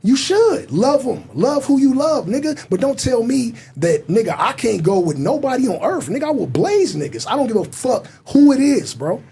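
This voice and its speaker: Male interview guest, high lively pitch, mellow tone, defiant and profane. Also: normal speed, creaky, few pauses, breathy edge. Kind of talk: casual interview talk.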